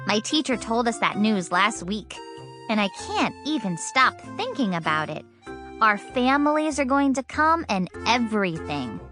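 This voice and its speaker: A woman's voice: on the high side, sing-song, unhurried, music in the background. A woman reading a children's audiobook in a bubbly, childlike first-person voice, in a studio. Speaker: audiobook narrator.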